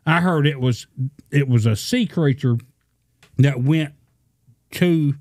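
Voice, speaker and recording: A man's voice: fairly high pitch, slow pace, darkish tone, no room sound. A man co-hosting a podcast, talking hesitantly with many restarts. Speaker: podcast co-host. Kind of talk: casual chat.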